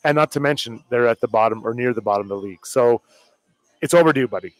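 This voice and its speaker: A man's voice: medium pitch, fast. A man co-hosting a sports talk show, giving plainspoken, opinionated hockey analysis. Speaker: co-host.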